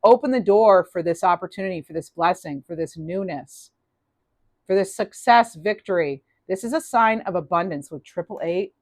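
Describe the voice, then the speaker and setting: A woman's voice: fairly low pitch, normal speed, a little mellow, no echo. A woman giving a casual, upbeat tarot reading, chatty with many restarts. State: clearing throat, losing voice. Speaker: tarot reader.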